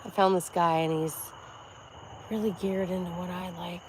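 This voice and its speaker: A woman's voice: fairly low pitch, fairly even intonation, normal speed, a little hiss or hum. A woman in her forties, out of breath, vlogging casually while working out, brash, profane and boastful. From Florida.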